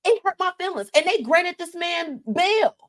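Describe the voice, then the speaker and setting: A woman's voice: very high voice, normal speed. Sassy woman hosting live gossip talk. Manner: animated and sassy, reads viewer comments aloud. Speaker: live show host. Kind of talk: casual celebrity gossip commentary.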